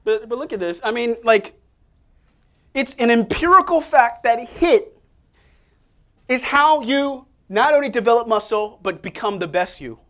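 Energetic man preaching a sermon. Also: very high-pitched, measured pace. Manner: energetic, call-and-response prompts to the congregation.

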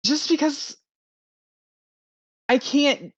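A man's voice: high-pitched, sing-song, slow pace, pauses often, sharp tone, dry recording. A young man talking candidly as a podcast guest, rambling and laughing often. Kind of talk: casual podcast chat. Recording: dull lo-fi recording.

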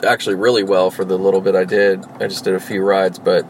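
A man's voice: sits low, little pitch movement, quick pace, a little hiss or hum. A man rambling casually while vlogging from inside his car as a rideshare driver, full of fillers, restarts and swearing. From Los Angeles.

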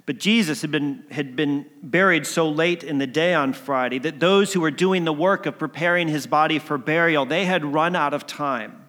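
A man telling a story as a sermon, swinging between emphatic lines and hushed ones. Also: a little high, normal speed, hardly any pauses. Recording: long hall reverb.

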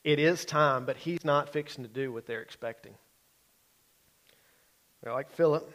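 A man's voice: on the high side, measured pace, a bit bright. Man preaching, chatty check-ins. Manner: conversational, keeps checking in with the congregation. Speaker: pastor. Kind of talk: sermon.

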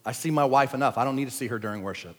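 A man preaching a sermon at a church service, talking in casual slang and swinging between shouting and quiet asides. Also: mid-range voice, very fast. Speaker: pastor. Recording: long church hall reverb.

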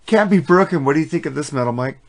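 A man hosts a casual podcast, crude and swearing as he moves things along. His voice is a touch higher than most men's. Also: animated, fast. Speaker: podcast host. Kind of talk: casual chat about metal albums.

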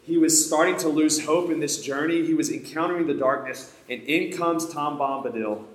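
Preacher telling a story in an echoey room. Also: male voice, fairly high pitch, normal speed. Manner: conversational, addresses the audience directly. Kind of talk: sermon storytelling.

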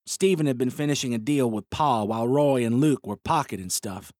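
A man reads a first-person western story in a steady, expressive voice. His pitch sits in an ordinary middle range. The recording is dry and close-miked. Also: fairly quick, no echo.

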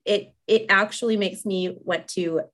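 A woman's voice: mid-range voice, fairly even intonation, unhurried, fairly bright tone. A young woman hosting a faith-based podcast, talking candidly with many fillers and frequent laughs. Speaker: podcast host. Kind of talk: faith-based casual chat.

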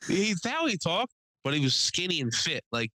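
A young man tells stories on a podcast, cursing freely and jumping up in pitch to act out the people he quotes. His voice is bright and forward, and the recording is dry and close. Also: moderate pace, no room sound, low-quality recording. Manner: animated, profane, acts out quotes in raised voice. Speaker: podcast co-host. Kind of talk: casual storytelling.

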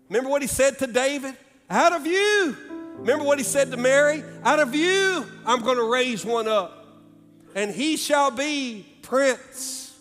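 A man preaching a sermon as pastor, swinging from loud raised calls to hushed low asides. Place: church sanctuary. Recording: long reverb in a large hall with faint music.

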